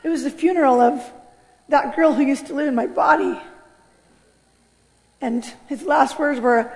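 Animated woman telling her testimony. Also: high voice, normal speed, pauses often. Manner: animated, acts out voices. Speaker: speaker giving a testimony. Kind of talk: personal testimony. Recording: long hall reverb.

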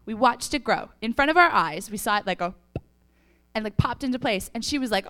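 Chatty young woman, smooth bright voice. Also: high voice, lively intonation, a little fast. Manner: chatty storytelling with laughs and many fillers. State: sniffly. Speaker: church speaker. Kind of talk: casual testimony talk.

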